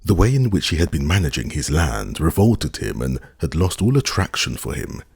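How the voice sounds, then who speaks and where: A man narrating a classic novel as an audiobook, measured and expressive. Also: very deep voice, creaky, slightly rough, dry recording, clean studio sound. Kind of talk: scripted narration.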